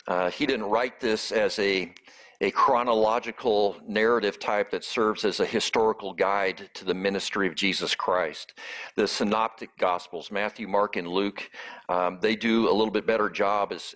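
A man preaching a sermon as pastor, talking in a conversational way with frequent fillers and restarts. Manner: prayer in a lower, softer voice.

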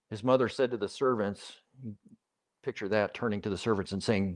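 A man's voice: on the low side, steady tone, moderate pace. A man preaching a sermon as pastor, in a conversational, emphatic way, putting questions to the congregation and repeating key phrases.

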